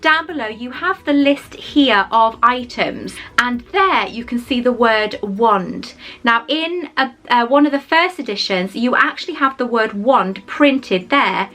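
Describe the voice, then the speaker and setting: A woman's voice: a little high, expressive, measured pace, bright, forceful tone, poor audio. A young woman vlogging casually, chatty and effusive, with frequent fillers and laughs. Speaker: YouTuber. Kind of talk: casual vlog chat.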